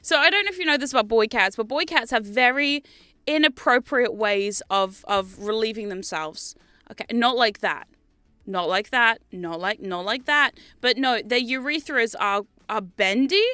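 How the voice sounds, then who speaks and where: A woman's voice: on the high side, animated, normal speed, sharp tone, dry recording. A young adult woman streaming, chatting casually in a rambling way, laughing often and swearing freely.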